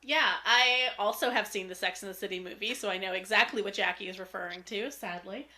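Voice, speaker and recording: A woman's voice: mid-range voice, brisk, pushed and bright. A woman co-hosting a podcast, rambling casually and hedging with "kind of". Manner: rambling, hedging with 'kind of'. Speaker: podcast co-host. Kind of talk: casual chat.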